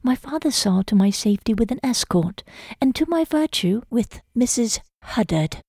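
A woman reading the lines of an earnest young woman in love, soft and lilting. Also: fairly high pitch, animated, moderate pace, slightly rough, no room sound, clean studio sound, voice pushed up. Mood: defensive.

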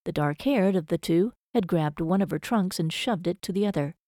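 A woman with a fairly low-pitched voice narrates an audiobook in a measured, even storytelling style. The studio sound is clean, with no room sound.

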